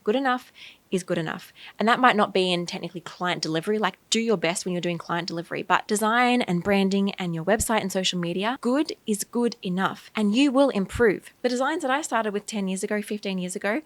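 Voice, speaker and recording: A woman in her thirties with an Australian accent, hosting a podcast in an energetic, emphatic and encouraging way. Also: medium pitch, a little fast, no room sound. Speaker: podcast host, graphic designer. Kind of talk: casual solo podcast talk.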